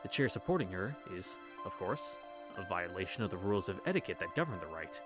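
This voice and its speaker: A man's voice: sits low, very animated, a little fast, music in the background. A man reading a visual novel aloud in a casual read-through, stumbling on words and correcting himself with wry asides.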